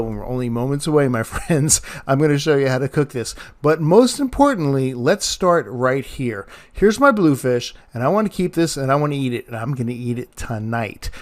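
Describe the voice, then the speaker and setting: A man narrating his fishing vlog outdoors on a beach, chatty and laughing often as he talks to viewers. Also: on the high side. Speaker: fishing vlogger.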